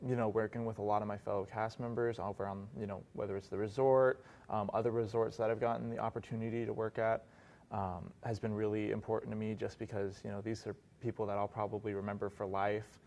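Young male interview guest, low-pitched, easygoing, lots of "like" and "um". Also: fast talker, vocal fry. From Arizona, US. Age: 20s. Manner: relaxed, many fillers and "like". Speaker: guest, resort concierge. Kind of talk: casual interview. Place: podcast studio.

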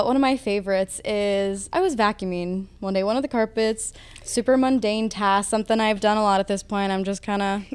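A woman's voice: medium pitch, a little mellow, clean tone. A young woman working as a theme park custodian, telling upbeat stories in a casual interview. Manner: upbeat storytelling.

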